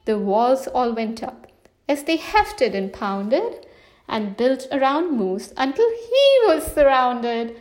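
Woman reading a rhyming kids' book aloud; high, slow, sing-song. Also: big pitch swings, darkish tone. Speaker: storybook reader. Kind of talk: children's storybook read-aloud.

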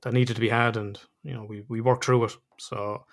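A man's voice: mid-range voice, level tone, moderate pace. A middle-aged man, hosting a podcast in casual chat, candid and reflective, swearing freely. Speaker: podcast host.

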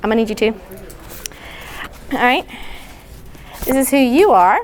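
Higher-voiced woman leading a workshop. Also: animated, a little hiss or hum. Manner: chatty, directs volunteers, quick asides. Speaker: workshop speaker. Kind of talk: interactive workshop session. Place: indoor room.

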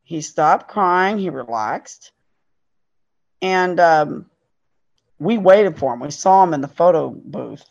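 A woman's voice: sits low, expressive, slow pace, vocal fry, pauses often, darkish tone. A middle-aged woman, a podcast guest and parent, telling a story in an earnest, emphatic way. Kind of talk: casual storytelling. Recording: dull lo-fi sound.

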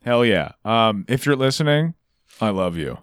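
A man's voice: on the low side, very animated, normal speed, clean tone, no room sound, clean studio sound. A man hosting a podcast in casual banter, teasing and profane, with many filler "likes". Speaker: podcast host.

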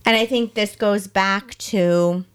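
A young adult woman candidly telling a personal story, talking fast and emotionally with many "like" fillers. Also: medium pitch, steady tone, smooth. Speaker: podcast guest sharing her story.

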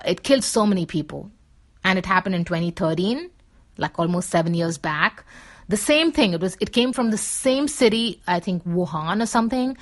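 A woman talking casually and rambling, with many fillers and restarts. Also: lowish voice. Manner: sings pop lyrics in breathy snatches. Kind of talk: casual talk to camera.

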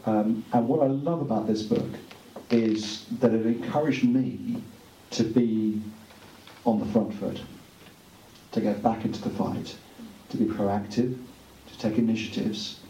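A man giving an earnest, conversational speech at a book launch, pausing with fillers. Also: fairly low pitch, dark tone, slight background noise. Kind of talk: informal speech to an audience. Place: room at a book launch event. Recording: echoey room, distant mic, faint ambience.

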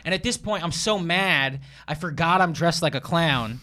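A man's voice: fairly high pitch, normal speed. A man in his thirties, a comedian guest telling rambling stories in a casual podcast chat. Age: 30s. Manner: animated storyteller, rambling with restarts.

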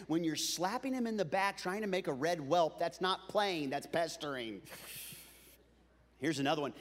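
A man preaching a comic storytelling sermon, animated and building up to shouting. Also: on the high side, moderate pace, big-room sound. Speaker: pastor.

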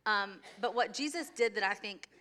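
A woman's voice: medium pitch, normal speed, pushed and bright. A woman pastor preaching a sermon to a church congregation in a conversational way. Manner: conversational, laughs easily, sings a children's song. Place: church sanctuary.

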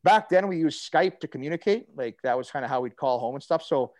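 A man's voice: a little high, brisk, dry recording. A middle-aged man, a former hockey player telling a long story in a casual chat, full of fillers and restarts. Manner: rambling, animated storyteller with many fillers and restarts.

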